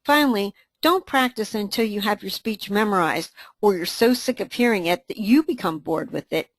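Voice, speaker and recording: A woman co-presenting a training webinar, reading a scripted dialogue in an even, instructive way. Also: medium pitch, moderate pace, no echo.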